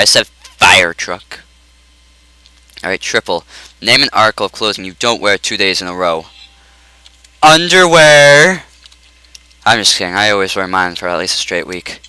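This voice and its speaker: A man giving goofy, excitable let's play commentary on a quiz game, joking and yelling at the screen. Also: sits low, no echo, poor audio. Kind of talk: casual gameplay commentary.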